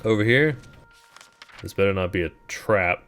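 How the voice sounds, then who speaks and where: A man's voice: low voice, moderate pace, fairly bright tone, soft background music. A man streaming a video game, talking through it in a casual, wry, sarcastic way. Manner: wry, sarcastic, laid-back. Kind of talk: casual gameplay commentary.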